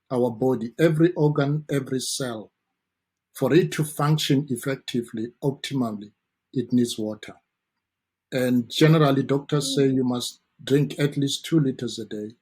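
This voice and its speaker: A South African man, a dentist guest on a talk show, explaining his subject in an earnest, measured way. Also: medium pitch, a little mellow, slightly rough.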